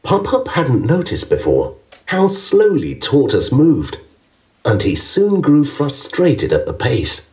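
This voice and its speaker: Male narrator for a children's storybook app, very lively pitch, slow, distant with music. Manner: expressive, measured storytelling.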